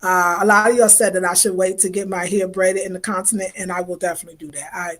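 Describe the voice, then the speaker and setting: Woman, fifties, livestream host; casual, warm-hearted slangy chatter greeting viewers by name. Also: lowish voice, steady tone, fast. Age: 50s. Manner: chatty, effusive, informal slang. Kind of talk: casual livestream chat reading viewer comments.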